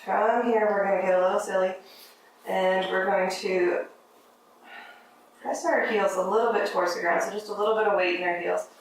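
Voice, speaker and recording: Woman yoga teacher with gentle, encouraging cues, mid-pitched, heard from a distance in a very echoey room with faint room noise. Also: steady tone, normal speed. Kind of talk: guided yoga class instruction.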